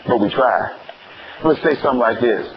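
A man with a Southern US accent preaching a playful, animated sermon with call-and-response. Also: medium pitch, normal speed, muffled recording, noisy background.

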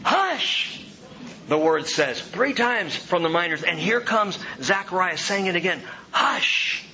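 A man preaching an expository sermon in an animated way, dropping to a hush and rising loud for emphasis. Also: high voice, moderate pace, muffled recording, slight background noise.

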